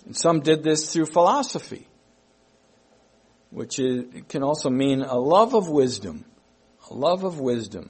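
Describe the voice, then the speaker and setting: A man preaching a sermon, slow and emphatic, repeating his key phrases as he works through a Bible verse. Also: on the high side, darkish tone, breathy edge.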